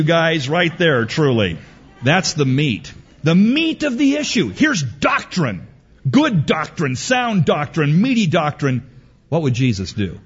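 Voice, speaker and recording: A middle-aged preacher speaks slowly and deliberately, with a husky voice whose pitch swings widely. He tells stories and repeats his points with emphasis. The recording sounds dull and lo-fi. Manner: storytelling, repetitive, emphatic. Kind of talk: sermon.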